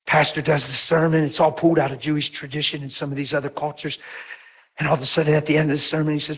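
A man preaching as a pastor, telling stories with lively acted-out voices and sudden drops to a near whisper. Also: fast talker, breathy edge. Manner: animated storytelling, acts out voices with big pitch jumps. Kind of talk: sermon.

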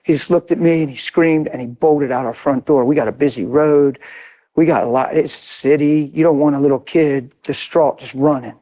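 A man's voice: a little high, steady tone, normal speed, dark tone. An older man preaching a sermon, telling a story with emphatic, intense repetition. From grew up in a city. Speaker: pastor.

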